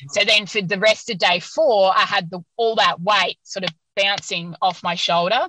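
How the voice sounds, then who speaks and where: A woman guest on an interview podcast, telling a story in an animated, casual way and laughing often. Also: medium pitch, moderate pace, background noise.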